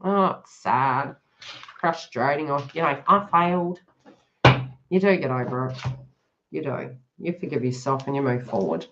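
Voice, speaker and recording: A woman's voice: rumbling low, normal speed, a little hiss or hum. A woman reading cards on a live stream, chatting to viewers by name and laughing often. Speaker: tarot reader hosting a live stream. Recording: dull lo-fi live stream audio.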